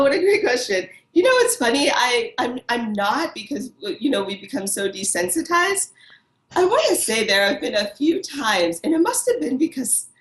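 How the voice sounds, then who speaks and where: A woman's voice: medium pitch, a bit bright. A woman costume designer chatting as an interview guest, bubbly and enthusiastic, laughing often. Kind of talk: casual interview chat. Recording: echoey room.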